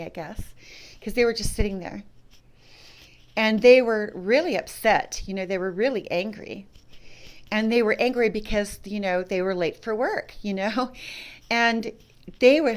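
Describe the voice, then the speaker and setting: A middle-aged woman being interviewed, recalling a personal story in a halting way, with frequent restarts and fillers. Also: mid-range voice. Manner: halting, full of restarts and "you know". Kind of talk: personal recollection.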